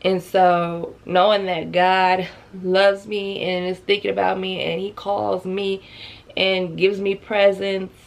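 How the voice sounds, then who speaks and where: A woman talks to her viewers in a slow, unhurried vlog. Her voice has a gravelly fry to it, and she sounds close to tears while staying chatty, calling them y'all. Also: mid-range voice, level tone. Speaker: vlogger. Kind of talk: heartfelt casual vlog talk.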